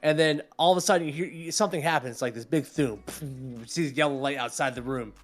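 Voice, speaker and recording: Animated swearing man on a podcast. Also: a little high, quick pace, soft background music. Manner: animated, swearing, acts out quotes. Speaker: podcast co-host. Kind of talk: casual chat.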